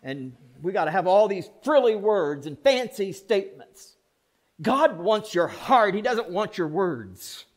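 A man's voice: sits high, very animated, measured pace. A man preaching a sermon as pastor, folksy and plain-spoken. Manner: folksy, plain-spoken, mock voices for effect.

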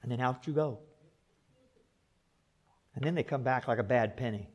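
A male pastor preaching a sermon in an animated way, repeating words and adding joking asides. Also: mid-range voice, moderate pace.

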